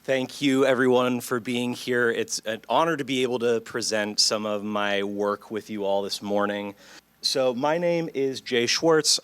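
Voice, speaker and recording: A man who is a psychology professor, presenting his research at a conference in a clear, measured lecturing manner that engages the audience. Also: fairly low pitch, a bit bright, dry recording. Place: lecture hall.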